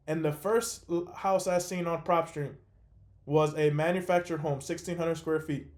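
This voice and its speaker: A young man hosting a call, telling a story in a casual, animated way with lots of fillers. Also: fairly high pitch. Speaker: host.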